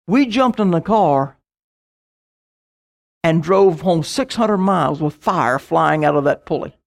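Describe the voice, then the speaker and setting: A middle-aged man preaching a sermon, telling stories with quick asides and bursts of emphasis. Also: fairly high pitch, animated, creaky.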